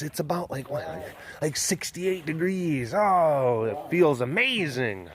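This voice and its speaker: Bubbly, higher-pitched man vlogging outdoors. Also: big pitch swings, slow. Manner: bubbly, baby-talks to the animals. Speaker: vlogger touring a big cat sanctuary. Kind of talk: casual walk-around vlog. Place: outdoors at an animal compound.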